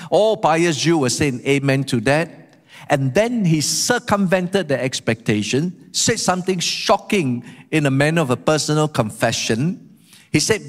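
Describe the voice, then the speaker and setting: A man, a guest pastor, preaching a sermon emphatically and asking the congregation rhetorical questions. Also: fairly high pitch. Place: church sanctuary. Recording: reverberant church hall.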